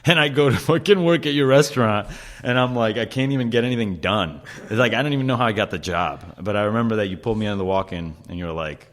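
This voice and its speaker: A young man hosting a casual chat, telling animated stories and swearing often as he acts out quotes. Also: lowish voice, fast talker. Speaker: podcast host, chef.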